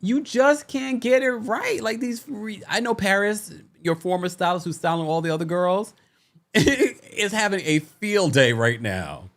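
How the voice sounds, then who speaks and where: Male host, riffing and exasperated, fairly high voice, very lively pitch. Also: unhurried. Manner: animated, exasperated, laughing asides. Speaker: recap show host. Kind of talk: casual commentary.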